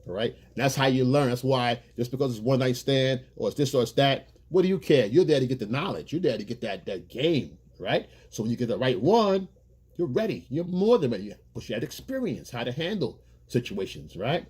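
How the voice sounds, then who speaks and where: Husky-voiced man lecturing on dating. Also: mid-range voice, very animated, brisk, darkish tone. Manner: emphatic and preachy, acts out quoted voices. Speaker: dating coach. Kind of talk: monologue advice video.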